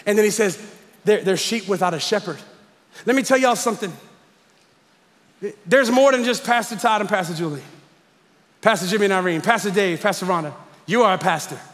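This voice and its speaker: A man's voice: high-pitched, a little fast, pauses often, a bit bright. A man preaching a sermon, calling out to his congregation with rising intensity, recorded live in a large church hall. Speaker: pastor.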